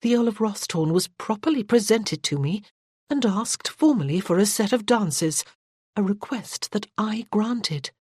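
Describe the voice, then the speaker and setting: Narrator doing a spirited young lady, raised pitch, crisp reproving tone, dry studio read. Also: animated, a little slow, a little mellow, no echo. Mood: sharp.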